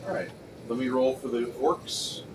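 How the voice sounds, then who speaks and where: A man's voice: mid-range voice, normal speed, noisy background. Man running a tabletop game. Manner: animated, jokey, breaks into loud shouts and put-on voices. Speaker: game master.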